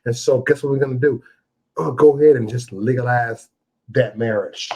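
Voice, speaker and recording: A man's voice: mid-range voice, normal speed, mellow, breathy edge. A man hosting a casual interview, emphatic and slangy, chiming in often. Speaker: host.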